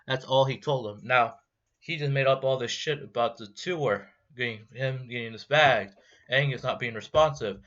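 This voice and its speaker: A man's voice: mid-range voice, moderate pace, fairly bright tone. A young man ranting angrily in a vlog, swearing and rambling in a heated way. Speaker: vlogger. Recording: dull lo-fi sound.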